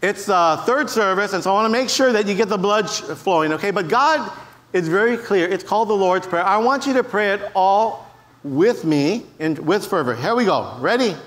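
A man's voice: high-pitched, normal speed. A man preaching a sermon to a church congregation, telling stories and acting out the voices of the people in them. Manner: animated storyteller, acts out voices in quotes. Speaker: pastor. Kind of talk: sermon with storytelling.

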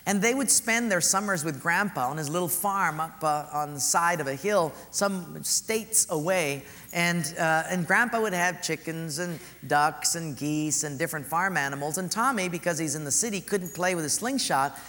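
A man, a pastor, giving a sermon, soft and earnest, telling stories. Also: on the high side, normal speed, hardly any pauses, long reverb tail.

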